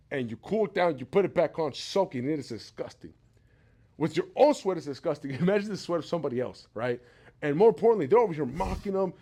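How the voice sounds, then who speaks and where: A man sharing a Bible reflection in a casual devotional talk, telling it as a lively story with chuckles and conversational asides. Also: on the high side. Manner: conversational, with tag questions and restarts.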